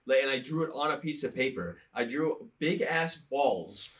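A young man telling a rambling story in casual chat, animated, often breaking into laughter. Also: medium pitch, normal speed, few pauses, far from the mic. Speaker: podcast co-host telling a story.

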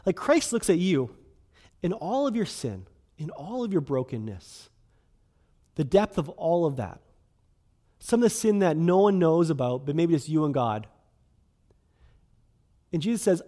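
Pastor guy in his 30s preaching, kinda high voice, super chatty, lots of "like" and "right?". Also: sing-song, unhurried, long pauses, warm tone. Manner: conversational, peppered with "right?" and "like". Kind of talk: sermon.

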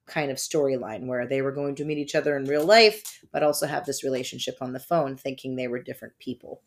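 A woman's voice: rumbling low, fast talker. A woman co-hosting a podcast at home, chatty and rambling, laughing often. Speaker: podcast co-host. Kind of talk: casual chat. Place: home by a fireplace.

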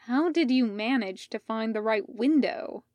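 A woman reading as a sensible young man, a fussing best friend with a mildly patronizing edge. Her voice sits fairly high, and the pace is slow and measured. The sound is dry and close. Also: expressive, no echo, dull audio. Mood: concerned.

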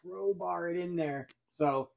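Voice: medium pitch, slow pace, vocal fry. A podcast host, talking loosely and enthusiastically in a casual interview chat, with some swearing.

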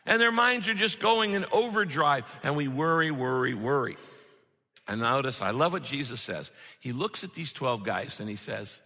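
A man preaching a sermon as pastor, animated and acting out the disciples' voices. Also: medium pitch, normal speed. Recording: reverberant hall.

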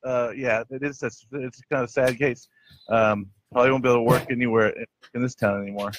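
A man hosting a jokey podcast chat, delivering bits with a deadpan tone. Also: mid-range voice, fast, slight background noise. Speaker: host. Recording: dry, dull lo-fi sound.

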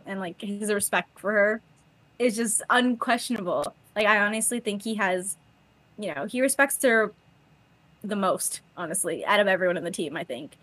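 A woman's voice: mid-range voice, a bit bright. A young woman co-hosting a podcast in casual chat, talking animatedly and acting out quotes with laughs. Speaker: podcast co-host.

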